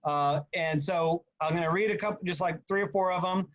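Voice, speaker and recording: A man's voice: sits high, fairly quick, lo-fi sound. An author casually explaining his book before reading aloud at a bookstore event.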